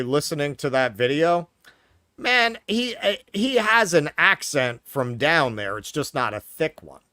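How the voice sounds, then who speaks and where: A man's voice: mid-range voice, a bit bright, no echo, studio quality. A man with a New York accent from Queens, co-hosting a political talk show, heated, sarcastic and swearing often. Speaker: podcast co-host. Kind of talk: casual political commentary.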